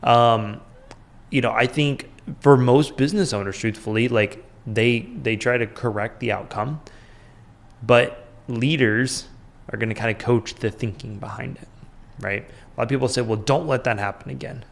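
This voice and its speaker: A man's voice: mid-range voice, moderate pace, creaky. A man in his thirties, a podcast host, giving casual business advice in a conversational way, full of fillers and "right?" checks.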